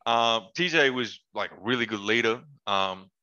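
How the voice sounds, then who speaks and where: Bright-voiced man telling laid-back stories. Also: lowish voice, moderate pace, lo-fi sound. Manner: laid-back, laughs often, slangy asides. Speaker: podcast guest, former basketball player. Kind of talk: casual storytelling chat.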